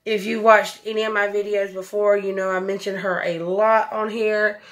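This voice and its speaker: A woman's voice: medium pitch, little pitch movement, moderate pace, a bit bright. A woman, chatting effusively through a makeup tutorial, recorded at home on a camera mic. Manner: chatty, effusive, says y'all a lot. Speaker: beauty vlogger. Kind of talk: casual makeup tutorial chat.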